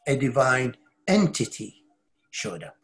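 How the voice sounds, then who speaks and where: A man's voice: mid-range voice, sing-song, slow pace. A middle-aged man, a spiritual teacher, telling a personal story in an interview with intense earnestness, often repeating and restarting words.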